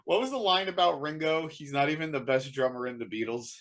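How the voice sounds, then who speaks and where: A man co-hosting a casual podcast, relaxed and teasing. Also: a little high, brisk. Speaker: podcast co-host.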